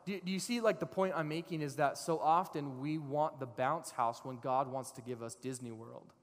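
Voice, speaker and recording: A man in his thirties preaching a sermon to a congregation, switching into lively storytelling with voiced characters. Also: on the high side, normal speed. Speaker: pastor. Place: church sanctuary. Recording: long reverb of a large hall.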